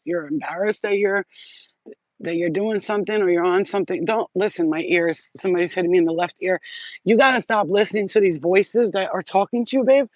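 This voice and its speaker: A woman's voice: lowish voice, dry recording, highs cut off. A woman giving a casual live psychic reading, rambling and chatty, swearing and laughing often. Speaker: psychic reader.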